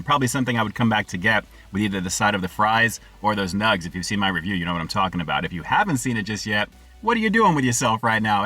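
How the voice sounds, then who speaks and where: A man reviewing fast food for his channel, upbeat and slangy, talking straight to his viewers. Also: lowish voice, bright, forceful tone. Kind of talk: casual food review vlog.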